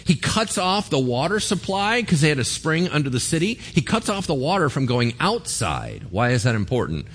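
A man's voice: fairly high pitch, sing-song, moderate pace, hardly any pauses, fairly bright tone, breathy edge. A man preaching a sermon in a casual, conversational way, with slang and playful asides. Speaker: pastor.

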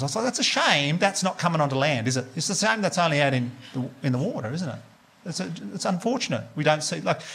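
A man's voice: medium pitch, slight background noise. An Australian man performing a stand-up comedy set, telling wry stories and chatting with the crowd. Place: comedy club stage with a laughing audience.

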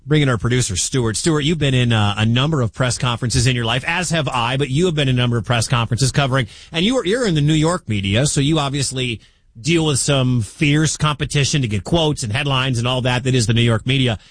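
A man's voice: medium pitch, fast talker, no echo. A middle-aged man from the American Midwest hosting sports talk radio, chatty and incredulous.

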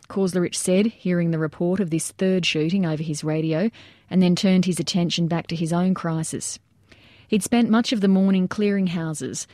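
A woman narrating an audiobook in a measured, steady reading style. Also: fairly low pitch, no room sound, clean studio sound.

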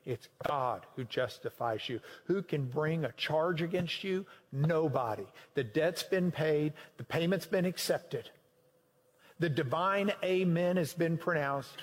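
Guy preaching slow and lively, big swings loud to soft, long echo like a big hall. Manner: animated, swinging from loud emphasis to low quiet. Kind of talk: sermon.

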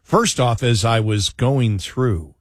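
A man's voice: medium pitch, slow pace, no room sound, clean studio sound. Rambling male talk radio host. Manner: rambling, many restarts and fillers. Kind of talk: casual talk radio banter.

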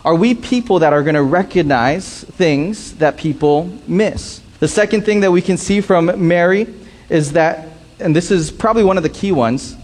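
A male pastor delivers a sermon in a somewhat high voice. He repeats his main points slowly so the congregation can take notes, and he slips into playful high-pitched impressions. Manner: repeats key lines slowly for emphasis.

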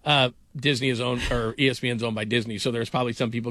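A man's voice: medium pitch, fast, no echo. A middle-aged man hosting a sports radio show, telling rambling stories in casual talk with lots of fillers. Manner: rambling storyteller, animated, frequent fillers.

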